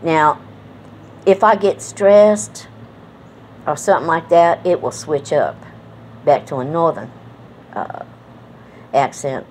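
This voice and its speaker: Woman, low voice, mixed Southern and New England accent, rambling folksy storytelling, faint background hiss. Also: takes it slowly, pauses often, a little mellow. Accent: mixed Southern and New England American. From New England, United States. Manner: rambling, folksy, many fillers and restarts. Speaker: vlogger. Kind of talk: casual reminiscing monologue.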